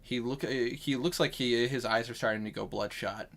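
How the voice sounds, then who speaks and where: A man's voice: mid-range voice, steady tone, moderate pace, fairly bright tone. A man running a tabletop game as dungeon master over voice chat, congested with a cough, stopping and correcting himself mid-sentence.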